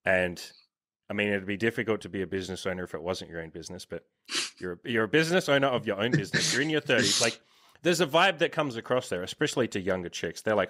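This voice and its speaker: A man in his thirties hosting a podcast as a dating coach, talking bluntly with lots of swearing and animated storytelling. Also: on the low side, fast talker. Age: 30s. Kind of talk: casual podcast interview.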